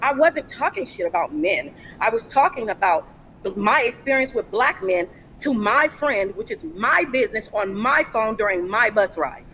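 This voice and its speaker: A woman on a phone livestream from inside a fast-food restaurant, cursing and confronting someone in an angry rant. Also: a little high, animated, a little hiss or hum. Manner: profane, confrontational, repetitive shouting. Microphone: phone held for a livestream.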